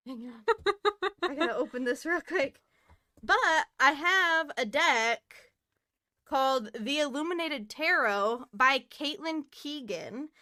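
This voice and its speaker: A woman's voice: high-pitched, pushed and bright, no room sound, studio quality. A young woman co-hosting a podcast, chatting casually, laughing often and swearing freely. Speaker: podcast co-host. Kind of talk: casual chat.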